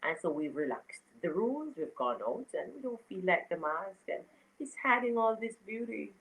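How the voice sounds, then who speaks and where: A woman's voice: medium pitch, big pitch swings, moderate pace, fairly bright tone, poor audio. A woman hosting a casual live stream, reading viewer comments aloud, greeting people by name and laughing often. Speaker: livestream host.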